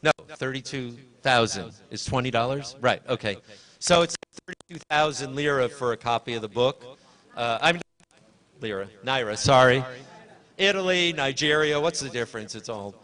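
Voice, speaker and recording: A man's voice: mid-range voice, moderate pace, sharp tone. A man giving a live presentation at a library launch, chatty and rambling, often correcting himself and giving directions to his helpers. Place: university event hall.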